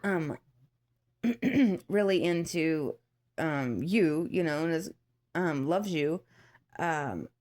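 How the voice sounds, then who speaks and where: A woman's voice: low voice, lively intonation, very slow, long pauses, a little mellow. A woman in her thirties chatting casually to her viewers, rambling with many fillers and restarts and acting out what others said. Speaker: vlogger. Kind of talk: casual storytelling to camera.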